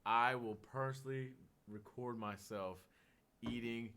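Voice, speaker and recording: A man's voice: mid-range voice, steady tone, a little slow, sharp tone. A young man from Oklahoma co-hosting a podcast in laid-back, jokey casual chat. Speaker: podcast co-host.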